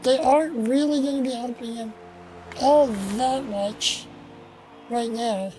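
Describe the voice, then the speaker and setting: A woman with a fairly high voice commentates an online sim race slowly and haltingly, with fillers and restarts, all while she has the hiccups. Music plays beneath her, and the recording quality is low.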